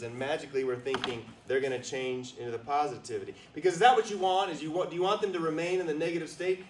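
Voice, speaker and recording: A man giving a lively storytelling talk as a motivational speaker, drawing answers from a small live audience. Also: a little high, roomy sound, far from the mic, a little hiss or hum, rough recording. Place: retreat meeting room with a small audience.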